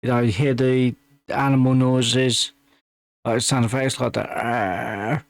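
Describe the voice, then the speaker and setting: A man's voice: medium pitch, flat delivery, slow, gravelly, no room sound. A man hosting a music reaction video, talking casually with many restarts and fillers, openly enthusiastic.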